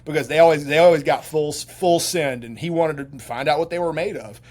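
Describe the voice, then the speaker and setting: A middle-aged man speaks as a guest in a casual interview, telling stories in a lively, rambling way. His voice sits fairly high for a man, and he keeps breaking up his sentences with fillers and restarts. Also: brisk. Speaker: guest, military veteran.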